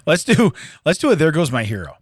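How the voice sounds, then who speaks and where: A man's voice: a little high, wildly swooping pitch, a little fast, a little hiss or hum. A man co-hosting a casual comedy podcast, laughing often and riffing as he reads out news items. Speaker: podcast co-host.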